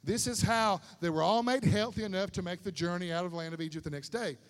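High-voiced, animated male preacher. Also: quick pace. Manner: animated, conversational preaching with slang asides. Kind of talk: sermon. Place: stadium. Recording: long hall reverb.

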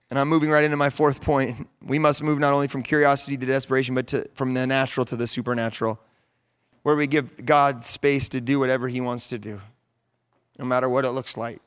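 A man's voice: mid-range voice, fast talker, clear, resonant tone. A man in his thirties, a pastor preaching a sermon and telling stories with rising fervor. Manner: storytelling, animated, rising to fervent peaks.

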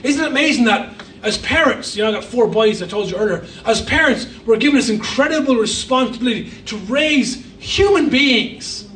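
A man's voice: extremely high pitch, expressive, normal speed, hardly any pauses, a bit bright, roomy sound, distant mic, a little hiss or hum, poor audio. A man preaching a sermon as a guest pastor, emphatic with humorous asides. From Ireland. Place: church hall.

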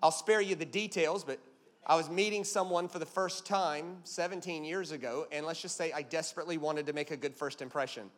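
A man's voice: on the high side, fairly quick, long reverb tail. A man preaching a sermon as a pastor, emphatic and punchy, telling stories with jokes.

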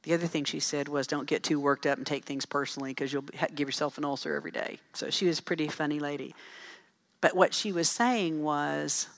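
A middle-aged woman speaking to a church audience, telling folksy, animated stories with asides about parenting. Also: low-pitched, a little fast, vocal fry. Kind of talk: storytelling talk to an audience.

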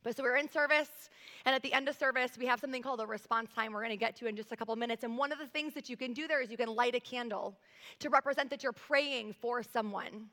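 A woman's voice: fairly high pitch, fast, sharp tone. A woman in her thirties preaching a sermon as pastor, earnest and conversational, speaking straight to her congregation. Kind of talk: sermon with personal story. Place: church sanctuary. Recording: long hall reverb.

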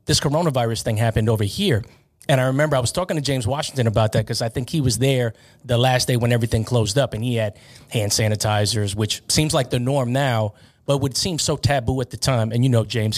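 A man hosts a casual podcast interview, winding his way through long, thoughtful questions. His voice sits at an ordinary middle pitch. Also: brisk. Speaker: podcast host and referee.

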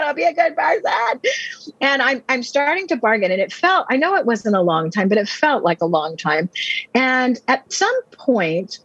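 Woman pastor, earnest testimony teller, husky voice, dry slightly dull recording. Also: medium pitch, dry recording. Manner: earnest, vivid storytelling with quick repeated restarts. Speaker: pastor and Bible teacher. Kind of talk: personal testimony storytelling.

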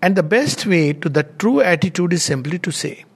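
A middle-aged man giving a devotional talk, telling anecdotes gently and chuckling between them. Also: sits high, expressive, moderate pace, creaky, hardly any pauses, husky. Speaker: spiritual speaker.

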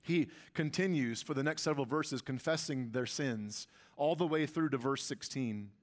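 A man's voice: medium pitch, normal speed. A man preaching a sermon as pastor, with emphatic delivery that rises and swells on key lines.

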